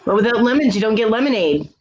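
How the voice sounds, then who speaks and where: A man co-hosting a casual live stream chat, cracking jokes and teasing his co-hosts. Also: sits high. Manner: wisecracking, quick with jokes. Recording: dull lo-fi stream audio.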